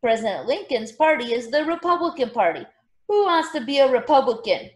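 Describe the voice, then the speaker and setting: A woman voicing a loud, eager Northern male political organizer who rallies a crowd with speeches. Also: very high voice, very animated, a little fast, reverberant, voice pushed up. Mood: rallying. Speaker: party organizer.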